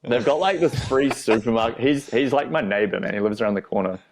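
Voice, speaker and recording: A man's voice: medium pitch, fast, gravelly, slight background noise. A young Australian man, a skateboarder guest, telling stories in a laid-back way, swearing freely and laughing through them. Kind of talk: casual storytelling.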